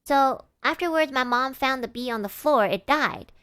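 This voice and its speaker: A woman streamer telling a childhood story in casual, chatty talk, full of "like" and restarts, with lively bits where she acts out other people. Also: sits high, normal speed, clear, resonant tone, no echo. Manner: chatty, animated, lots of "like" and restarts, voices kids and adults in quotes.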